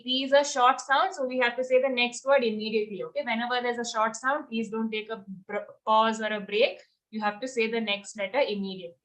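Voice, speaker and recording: High-voiced woman teaching Sanskrit chanting. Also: sharp tone. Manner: chants verses slowly, then explains quickly and patiently. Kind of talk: online chanting lesson.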